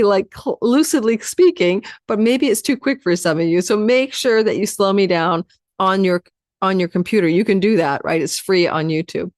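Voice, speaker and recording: A woman astrologer giving a chatty weekly forecast, talking fast and speaking straight to her viewers. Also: mid-range voice, no echo, studio quality. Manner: addresses viewers directly.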